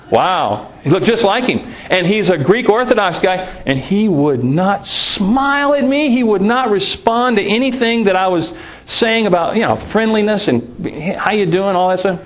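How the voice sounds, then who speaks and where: A man preaching, telling lively personal anecdotes about sharing his faith, laughing often and restarting phrases. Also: sits high, rough recording. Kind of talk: sermon storytelling.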